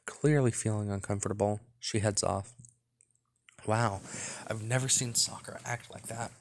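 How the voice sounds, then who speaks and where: Low-voiced man reading a game aloud. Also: steady tone, normal speed. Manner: rambling casual asides. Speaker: let's play host. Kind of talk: reading a visual novel aloud with commentary.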